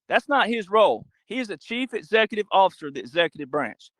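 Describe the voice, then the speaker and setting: Emphatic man, higher voice, dry sound. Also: big pitch swings, fairly quick, fairly bright tone, no echo, low-quality recording. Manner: emphatic, rhetorical questions; acts out quoted voices. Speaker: podcast guest. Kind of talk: animated monologue.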